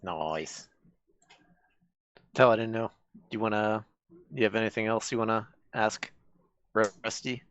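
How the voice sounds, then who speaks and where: Low-voiced hesitant male player. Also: unhurried, pauses often, a bit bright, muffled recording. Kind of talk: casual tabletop play.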